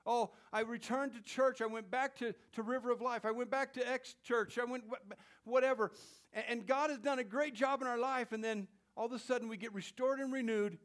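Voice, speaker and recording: A man preaching a sermon to his church, playful with the congregation, swinging between loud exclamations and hushed whispers. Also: very high-pitched, fairly even intonation, brisk. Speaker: pastor.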